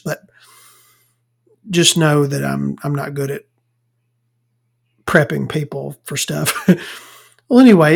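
A woman hosts her podcast in a loose, rambling monologue. She swears freely and stumbles over words as she goes. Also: low voice. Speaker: podcast host.

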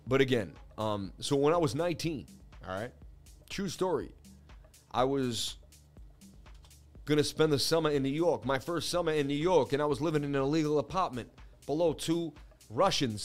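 A man's voice: on the high side, animated, moderate pace, long pauses, soft background music. A man hosting a crypto livestream, chatting casually and joking as he rambles into a story. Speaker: crypto market streamer.

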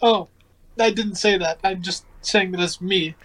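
A man's voice: high voice, measured pace, fairly bright tone. A man playing a tabletop game with friends, joking and blunt about his character. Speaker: player. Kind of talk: casual chat in a tabletop game. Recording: faint background noise.

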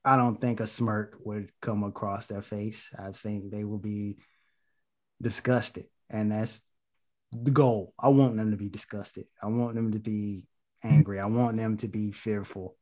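A man with a fairly low voice lays out his view in a measured, deliberate way. He speaks bluntly and does not soften his opinion. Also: steady tone. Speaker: panelist. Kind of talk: casual discussion.

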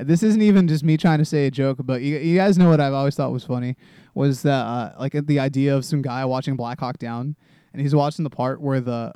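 A man's voice: mid-range voice, mellow, smooth, no room sound. A man in his twenties hosting a solo comedy podcast, rambling and self-deprecating, swearing often and restarting his sentences. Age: 20s. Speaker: podcast host.

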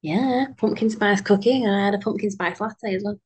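A woman's voice: mid-range voice, fairly quick, darkish tone, breathy edge. A young British woman co-hosting a podcast, chatting casually and rambling with lots of fillers. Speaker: podcast co-host. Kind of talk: casual chat.

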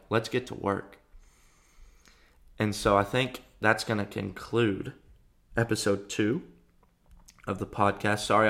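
Gravelly young man telling a story. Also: fairly low pitch. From Arkansas. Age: young adult. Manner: chatty, frequent fillers and restarts, animated retelling. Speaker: podcast host. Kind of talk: casual storytelling monologue.

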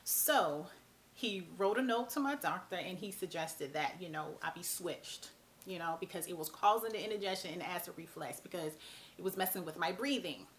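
Woman vlogging, animated and blunt, cusses a bit, just chatting to the camera. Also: on the low side, moderate pace, slight background noise. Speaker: vlog host. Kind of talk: casual talk to camera.

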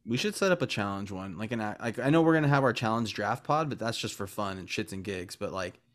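A man's voice: on the low side, lively intonation, fast talker. Rambling enthusiastic man podcast host. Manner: rambling, filler-heavy, enthusiastic. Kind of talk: casual chat.

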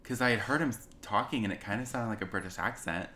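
A man's voice: on the low side, fast, pushed and bright, slight background noise. A young man from the United States telling a rambling, self-deprecating story as a guest in a casual podcast chat.

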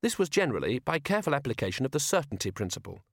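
Expressive male audiobook narrator, dry close sound. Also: mid-range voice, racing, no room sound. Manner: wry, expressive storytelling. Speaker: audiobook reader. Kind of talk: scripted narration.

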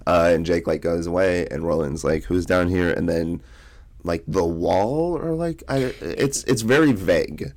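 A man's voice: low voice, measured pace, a little mellow. A young man in casual podcast talk, rambling through a book recap with lots of fillers. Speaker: podcast co-host.

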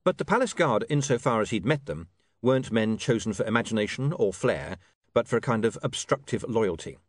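Animated male audiobook narrator. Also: lowish voice, no echo, studio quality. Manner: measured storytelling. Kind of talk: scripted narration.

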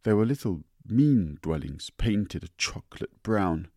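A man reading a story aloud in a measured, deliberate way. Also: lowish voice, expressive, darkish tone, no echo, clean studio sound. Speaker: narrator. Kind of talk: audiobook narration.

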